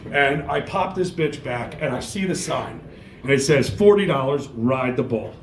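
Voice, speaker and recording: A man's voice: medium pitch, expressive, moderate pace, roomy sound, slight background noise, rough recording. Crude, rambling middle-aged comic man. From New York. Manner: crude, rambling storytelling full of swearing. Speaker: stand-up comic. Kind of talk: stand-up comedy set.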